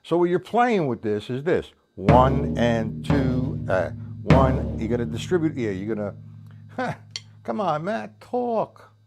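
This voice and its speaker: Very animated yet slow, a drum teacher with a mid-range voice speaks over loud music during a live-streamed lesson. Having stayed up all night, he's tired, rambles loosely and counts beats aloud as a drum kit plays.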